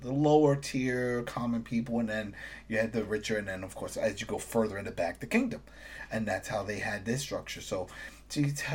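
A man co-hosting a podcast, recapping a TV episode in casual chat, animated and jumping high in pitch when exasperated. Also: breathy edge. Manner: animated, rising high when exasperated, voices characters in quotes. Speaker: podcast co-host.

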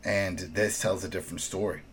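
A man's voice: a little fast, slight background noise. A man talking casually in a podcast discussion, recapping an episode and acting out lines in playful voices. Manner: animated, acts out quotes in high voices. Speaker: show reviewer.

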